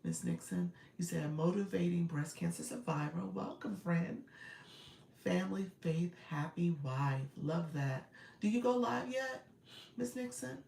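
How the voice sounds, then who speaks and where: A gravelly woman with a lowish voice, speaking a little slowly, coaches and hosts a casual live stream where she reads viewer comments. She chats warmly, greeting people by name with frequent laughs and fillers, while the distant phone recording sounds roomy with faint background noise.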